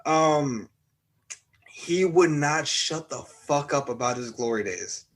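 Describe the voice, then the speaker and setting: A man's voice: on the high side, expressive, slow. A man co-hosting a podcast, chatting casually and ranting with a lot of swearing. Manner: profane, ranting, jokey. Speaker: podcast co-host.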